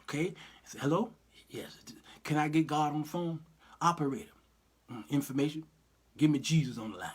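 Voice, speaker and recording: A man hosting his own livestream commentary, lively and sermon-like in his delivery. His voice sits fairly high for a man. His talk is folksy and direct. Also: a little fast, slightly rough. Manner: animated, preachy, folksy. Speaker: host and Bible teacher.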